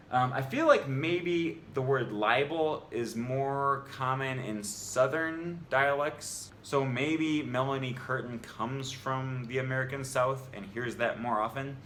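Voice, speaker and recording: A man's voice: medium pitch, pushed and bright. A man making a language video, reading out an article and arguing back against it in an exasperated, argumentative way. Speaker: language vlogger. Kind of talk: reading an article aloud and rebutting it. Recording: roomy echo, faint ambient noise.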